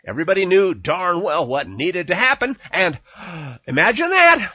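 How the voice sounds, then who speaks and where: A man's voice: high-pitched, very animated, normal speed, sharp tone, breathy edge, dry recording, muffled recording. Mocking, theatrical male commentator. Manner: mocking, theatrical, swinging emphasis. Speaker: political commentary host. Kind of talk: sarcastic news commentary.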